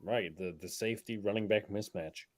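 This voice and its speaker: A man's voice: on the low side, normal speed. A man doing live play-by-play on a fan stream, his voice jumping up on big plays. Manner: calls plays, voice jumps up on big plays. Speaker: play-by-play commentator. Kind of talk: livestream play-by-play commentary.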